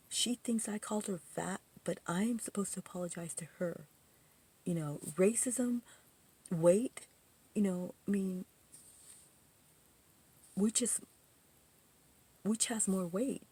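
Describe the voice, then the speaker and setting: A woman's voice: fairly low pitch, gravelly, breathy edge. A woman casually telling a personal story in a rambling, indignant way, full of asides and restarts. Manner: indignant, animated retelling.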